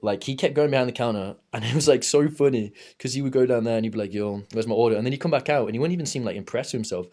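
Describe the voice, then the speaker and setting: A man's voice: medium pitch, rapid-fire, few pauses, warm tone. A young man telling a rambling, swear-filled story while gaming, calling everyone "bro". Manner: casual, rambling, says "bro" constantly, swears a lot. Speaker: gaming streamer.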